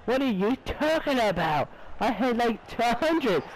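Shouty boastful young man gaming. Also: very high-pitched, big pitch swings, a little slow, heavy background noise. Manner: boastful, shouty trash talk. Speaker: gamer. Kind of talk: casual gaming banter.

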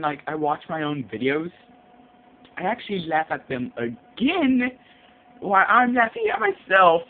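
A man swearing constantly as he rambles in a casual vlog from his bedroom. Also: a little high. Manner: profane, rambling, jumpy. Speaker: vlogger. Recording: tinny lo-fi audio with faint hiss.

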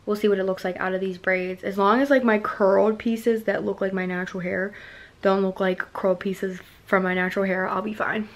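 Excitable young woman vlogging. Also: medium pitch, fairly quick. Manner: excitable, swears freely, slangy. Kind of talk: casual vlog chat.

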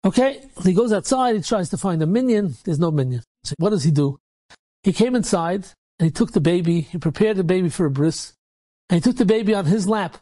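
A man's voice: high-pitched, animated, fairly quick, mellow. Rabbi telling a story, man. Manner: casual, repetitive retelling peppered with Yiddish and Hebrew words.

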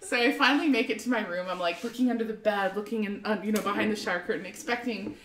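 A young adult woman, an artist guest, telling a story in an excitable, rambling way with frequent laughter and fillers. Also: mid-range voice, fast talker. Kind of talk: animated storytelling. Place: art studio. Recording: roomy, distant mic, faint ambience.

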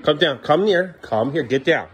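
A man's voice: a little high, expressive, normal speed, a little hiss or hum. A father in a casual family vlog at home in the kitchen, coaxing his children and then getting firm with them, while turning to the camera for chatty asides. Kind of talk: family vlog narration while caring for kids.

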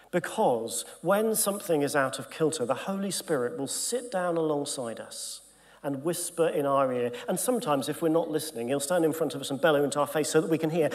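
Earnest preaching man, pitch a touch high. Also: darkish tone. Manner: earnest and emphatic, drops to a near-whisper at times, acts out quoted voices. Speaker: bishop leading a Bible study. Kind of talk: sermon-style Bible teaching to clergy. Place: conference hall.

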